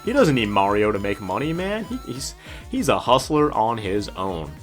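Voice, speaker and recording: A man's voice: lowish voice, sing-song, moderate pace, soft background music. A man casually commenting on a video game as he plays, chatty and joking. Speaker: let's play host. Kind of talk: gameplay commentary.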